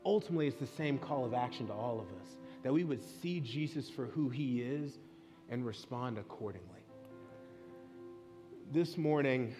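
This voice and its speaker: A man in his thirties, a pastor preaching a sermon in a church, speaking in an earnest, conversational way and weaving in personal stories. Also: medium pitch. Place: church sanctuary.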